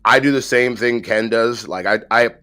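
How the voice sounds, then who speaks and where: A man co-hosting a casual livestream chat, jokey and profane, talking in quick bursts. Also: medium pitch, bright, forceful tone, smooth. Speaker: co-host.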